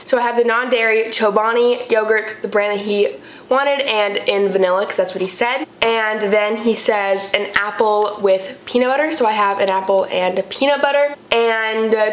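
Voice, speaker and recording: A young woman in her twenties chatting casually to camera as a vlogger, with plenty of fillers. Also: mid-range voice. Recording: echoey room with faint noise.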